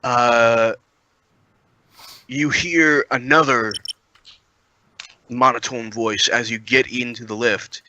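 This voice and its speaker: A man narrating a tabletop game as dungeon master, hesitant with many pauses and fillers. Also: mid-range voice, fairly even intonation, bright, forceful tone, rough recording.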